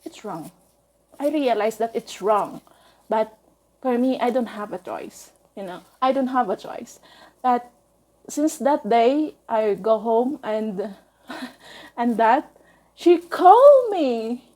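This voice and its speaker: A woman recounts a painful memory in a slow, halting way, often restarting her sentences. Her voice sits a little high yet sounds mellow and soft. The telling is deeply emotional. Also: animated, rough recording. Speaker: vlogger. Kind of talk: personal storytelling.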